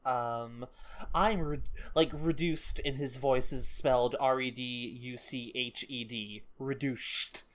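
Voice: medium pitch, a little slow. A co-host on a casual book club podcast who swears freely and explains references with a lot of fillers.

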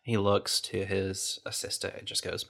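A man's voice: low voice, little pitch movement, moderate pace, gravelly, fairly bright tone. A man narrating as game master of a tabletop role-playing game, describing scenes and voicing side characters. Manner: describes scenes and voices NPCs in near his own voice.

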